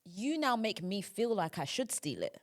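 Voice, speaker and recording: Chatty young woman, lively pitch. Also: normal speed. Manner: chatty, laughing, repeats yeah. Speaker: podcast host. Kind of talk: casual chat.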